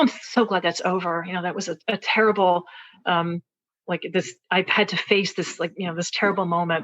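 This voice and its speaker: A woman's voice: on the low side, a bit bright, muffled recording. A woman in her forties telling a personal story as a podcast guest, earnest and reflective, often restarting her sentences. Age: 40s. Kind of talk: personal story told in conversation.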